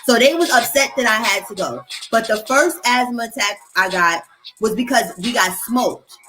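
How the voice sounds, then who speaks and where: A young woman telling stories in a casual chat, animated and profane, acting out the voices of people she quotes. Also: fairly high pitch, normal speed, faint music behind. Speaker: host.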